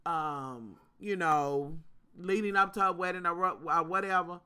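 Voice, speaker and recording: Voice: mid-range voice, a little slow, bright, forceful tone, smooth. A vlogger, ranting in a sassy, profane way straight to the viewers in a casual storytime. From Kentucky.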